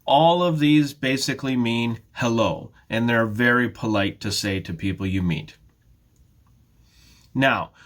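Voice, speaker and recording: A middle-aged man with a Canadian accent teaching a slow, clear beginner English lesson, patiently modelling phrases with careful intonation. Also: medium pitch, a bit bright. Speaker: ESL teacher, head of academics.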